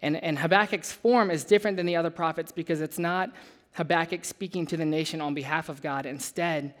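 Conversational young male preacher. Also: a little high. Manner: conversational, animated storytelling with asides to the audience. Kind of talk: sermon with personal story.

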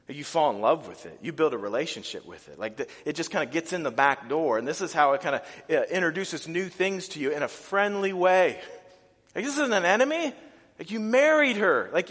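A man preaching a sermon, animated and casual, with many restarts and fillers. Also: on the high side, a little fast. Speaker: pastor. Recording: reverberant hall.

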